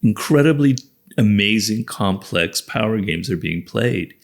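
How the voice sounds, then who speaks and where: A man's voice: lowish voice, animated, unhurried, vocal fry. An American man, a guest author, talking through ideas in an interview, building points with repeated phrases. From United States. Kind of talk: conversational interview.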